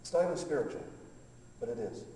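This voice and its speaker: A man preaching a sermon as pastor, rising from quiet reflection to fervent loud passages and acting out conversations with God. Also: medium pitch, animated, quick pace. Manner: impassioned, builds from quiet to loud, acts out dialogue. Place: large church hall. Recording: echoey hall from far off.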